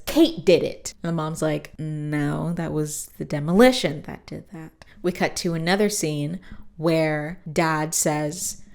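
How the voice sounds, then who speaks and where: Woman, deep voice, chatty recap, acts out characters' lines, podcast host. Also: a little mellow, clean tone. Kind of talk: casual episode recap.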